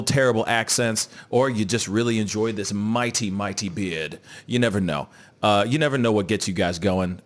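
A young man from St. Louis hosting a casual live-stream show, joking and reading viewer comments aloud. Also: on the low side. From St. Louis, Midwest US. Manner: jokey, laughing, reads viewer comments aloud. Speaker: show host.

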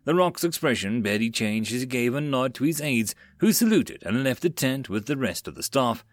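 A man narrating a web novel audiobook in a steady reading voice. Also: medium pitch, fairly quick, no room sound, studio quality.

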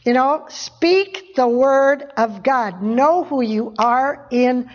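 High pitched lady preaching, chatty and laughy, kinda muffled lo-fi sound. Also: slow pace. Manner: conversational, laughs often, repeats phrases for emphasis. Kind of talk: informal sermon teaching. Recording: dull lo-fi recording.

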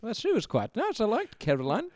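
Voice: medium pitch, huge pitch swings, brisk, darkish tone, no room sound, clean studio sound. Playful comedy podcast co-host. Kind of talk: improvised comedy radio bit.

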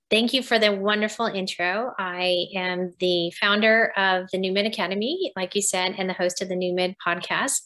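A woman in her fifties, a podcast guest telling her story in a lively interview, laughing often and acting out quoted dialogue. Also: fairly low pitch. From United States. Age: 50s.

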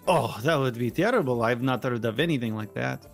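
A game master plays an eccentric man who loves art, speaking in a shaky put-on French accent that keeps slipping further east. He rambles philosophically, stalling on ums and restarts, over soft background music. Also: medium pitch, a little fast, voice pushed down, lightly acted. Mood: curious. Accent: put-on French slipping Eastern European. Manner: hesitant, rambling, full of ums. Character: odd male art lover, fake French accent. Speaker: passerby in a fantasy town. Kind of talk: improvised tabletop role-play.

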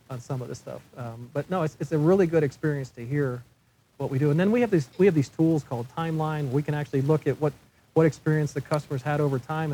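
An older man speaking on a panel, telling a workplace story in a halting way, often repeating words and acting out quoted lines. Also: medium pitch, dark tone, a little hiss or hum, poor audio. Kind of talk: casual anecdote on a panel.

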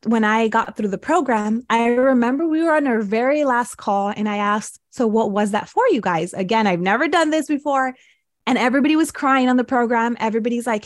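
A woman's voice: on the high side, brisk, no room sound. Earnest woman telling her story, dry sound. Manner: earnest, acts out her own past thoughts in quotes. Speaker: podcast guest, breathwork mentor. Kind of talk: casual interview storytelling.

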